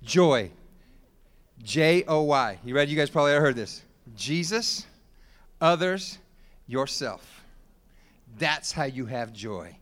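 A man preaching a sermon as pastor, joking with the congregation and building up to shouted exhortations. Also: medium pitch, lively intonation, slow pace, pauses often.

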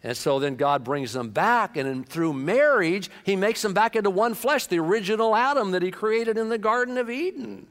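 A man preaching a sermon in a lively manner, acting out comic quotes and voices. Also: high-pitched, normal speed, hardly any pauses. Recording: long hall reverb.

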